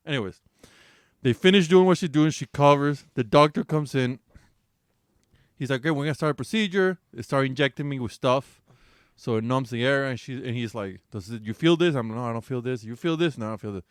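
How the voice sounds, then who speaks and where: A man co-hosting a casual podcast tells a raunchy story, swearing freely and laughing as he goes. His voice sits at an ordinary middle pitch. The sound is dry and close, with no room around it. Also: brisk, no room sound. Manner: animated, profane, laughing storyteller. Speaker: podcast co-host.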